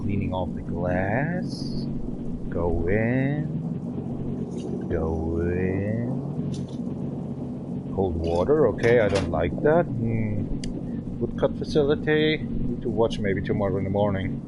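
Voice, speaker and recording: A man in his thirties from Germany with a German accent, chatting and joking in halting English while live-streaming a driving game. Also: lowish voice, lively intonation, highs cut off. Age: 30s. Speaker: gaming livestreamer. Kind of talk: casual livestream chat while drifting. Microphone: desk microphone. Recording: noisy stream with car sounds.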